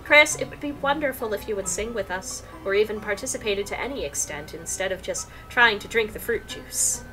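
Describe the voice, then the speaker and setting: A woman's voice: mid-range voice, lively intonation, brisk, over music, natural voice, low-quality recording. A woman doing Father Alvin, a formal earnest pastor. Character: gentle male small-town pastor, earnest and polite.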